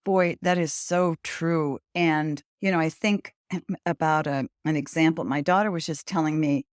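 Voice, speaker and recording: Older woman, podcast host, earnest, emphatic advice, low voice, dry close sound. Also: steady tone, moderate pace, no room sound. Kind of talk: conversational interview.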